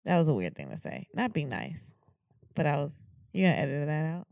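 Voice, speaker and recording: A young woman co-hosting a podcast in loose, candid chat, swearing freely and stopping to restart her thoughts. Her voice sits low and gravelly, with lively ups and downs, and the sound is dry and close. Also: no room sound. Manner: frank, profane, halting restarts. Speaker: podcast co-host.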